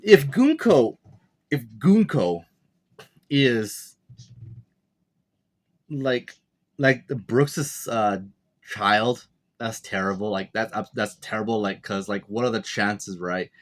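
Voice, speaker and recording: Man, casual chapter review, rambling, thinking out loud, lots of fillers and restarts. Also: on the low side, expressive, takes it slowly, long pauses. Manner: speculative, thinking aloud. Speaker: manga reviewer. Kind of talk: casual commentary.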